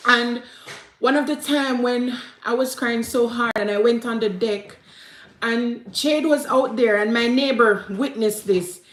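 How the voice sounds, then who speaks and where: Woman, 30s, Jamaican accent, higher register, heartfelt vlog storytelling, echoey room. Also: measured pace, fairly bright tone. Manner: heartfelt, tearful, repeats herself, mixes in patois. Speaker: vlogger. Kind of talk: emotional personal storytelling.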